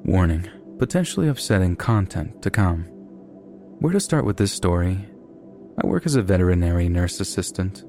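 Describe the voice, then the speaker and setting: A man giving a measured, scripted narration of reader-submitted true horror stories. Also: sits low, lively intonation. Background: soft background music.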